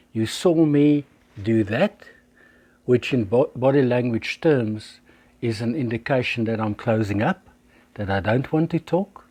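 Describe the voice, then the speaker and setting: A man in his sixties gives a measured teaching talk, now and then playing both sides of a conversation to make his point. His voice is soft and mellow, slightly husky, and he takes his time. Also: mid-range voice. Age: 60s. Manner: illustrates with acted examples. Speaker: life coach.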